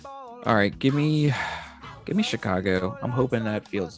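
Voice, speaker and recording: A man hosting a casual sports chat, reading out matchups and point spreads in a relaxed way with filler ums. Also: on the low side, a little slow, music in the background. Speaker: podcast host running weekly football picks.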